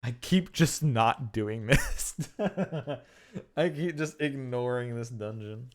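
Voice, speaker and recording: A man's voice: medium pitch, takes it slowly. A man streaming a game live, chatting casually and ranting with lots of swearing and laughter. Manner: rambling, profane ranting with frequent laughs.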